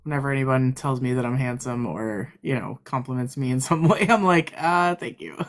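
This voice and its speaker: A man's voice: medium pitch, a little fast. Bashful man chatting on a live stream. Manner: laughs often, trails off and restarts. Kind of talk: casual live-stream chat.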